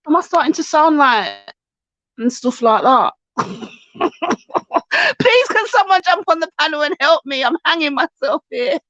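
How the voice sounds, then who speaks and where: A woman's voice: sits high, lively intonation, measured pace, long pauses, fairly bright tone, no echo. Giggly woman on a live stream. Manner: giggly, laughs constantly, teasing. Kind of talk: casual live chat. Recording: dull lo-fi stream audio.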